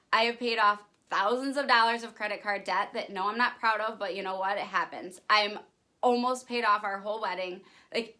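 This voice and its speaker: A young woman speaks straight into her phone camera with breathless enthusiasm, her voice sitting a little high and sounding bright and tense. She gushes to her viewers, leaning on "you guys" and "like" as she pitches her business. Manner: gushing, excitable, says "you guys" and "like" a lot. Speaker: direct sales promoter. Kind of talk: upbeat direct-to-camera vlog pitch.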